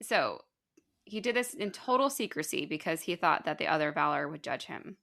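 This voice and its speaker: A woman's voice: low-pitched, lively intonation, normal speed, creaky, a bit bright. A woman co-hosting a podcast who retells a story in casual chat and laughs often. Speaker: podcast co-host.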